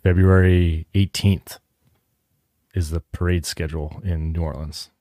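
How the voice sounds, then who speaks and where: A man's voice: deep voice, fairly even intonation, measured pace, dark tone, no echo, clean studio sound. A man co-hosting a podcast who chats casually about an episode, hedging his points and joking with a bit of swearing. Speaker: podcast co-host.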